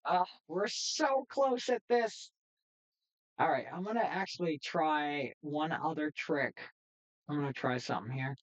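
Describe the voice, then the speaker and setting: A woman streamer giving excitable, chatty live gameplay commentary. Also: low-pitched, measured pace, poor audio. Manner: excitable, chatty, laughs often.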